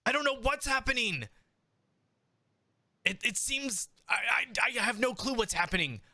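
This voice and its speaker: A man voicing a panicked, fame-hungry male showman who pleads in a high, rushed voice. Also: lively intonation, bright, forceful tone, exaggerated voice.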